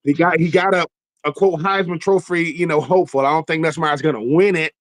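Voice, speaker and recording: A man in a casual sports debate, talking in a colloquial, emphatic way with quick asides. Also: on the high side, dry recording. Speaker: panelist.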